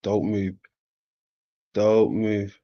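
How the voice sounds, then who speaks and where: A man giving casual reaction commentary in profane, laughing, slow, drawling remarks. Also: fairly low pitch, level tone, no echo, muffled recording.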